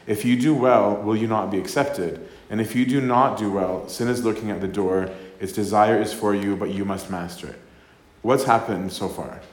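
In an echoey room, a man at moderate pace with a voice on the low side delivers a talk as a priest. He reads a scripture passage, then unpacks it conversationally, tagging lines with "right?" and voicing characters.

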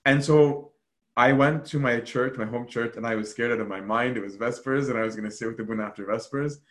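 Speaking briskly in a mid-range voice, this man shares monastery stories in a relaxed, chatty way. He peppers them with fillers and performs the quoted lines with lively animation.

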